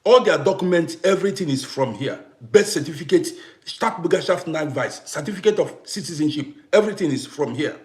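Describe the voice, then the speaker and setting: Animated, emphatic man in a roomy space. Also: on the high side, brisk. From Africa. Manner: animated, emphatic, repeats himself, greets viewers by name. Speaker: live-stream host. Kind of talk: casual live-stream talk to viewers. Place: home in Vienna.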